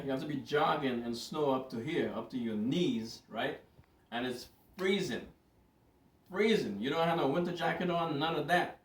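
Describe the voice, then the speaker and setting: A man telling a story in a casual, animated way to a camera, repeating words for emphasis. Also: mid-range voice. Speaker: vlogger. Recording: roomy, distant from mic.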